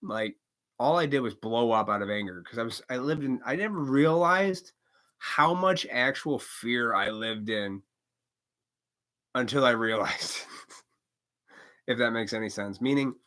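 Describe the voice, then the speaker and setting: A man's voice: mid-range voice, unhurried, pauses often, pushed and bright. A man hosting a live stream, rambling casually with profanity and chuckles, now and then acting out quoted voices.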